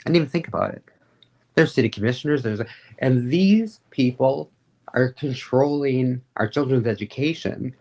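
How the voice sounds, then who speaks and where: A woman being interviewed, telling stories in a rambling, animated and candid way, with frequent fillers. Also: very deep voice, moderate pace. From Florida. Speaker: guest, advocate and radio host. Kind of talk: casual interview storytelling.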